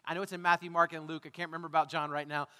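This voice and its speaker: A man's voice: on the high side, level tone, rapid-fire, pushed and bright, in a large hall. A man preaching a sermon as pastor, talking conversationally, asking the congregation questions and making self-deprecating asides. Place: church sanctuary.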